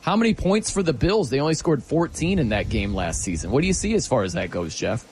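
A man hosting a sports talk radio show in an animated, chatty way, putting questions to his co-host. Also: mid-range voice, a little fast.

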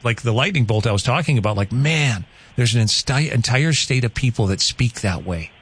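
A man's voice: mid-range voice, animated, fairly quick, a bit bright, slightly rough. A man hosting a morning radio show, talking in a rambling, chatty way and laughing easily. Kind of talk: casual radio chat. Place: radio studio.

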